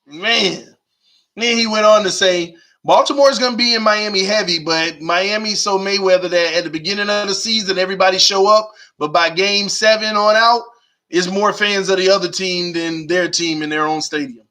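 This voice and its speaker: Young male live-stream sports host, high bright voice, slangy and animated. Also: moderate pace. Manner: animated, slangy, reads chat aloud, urges viewers.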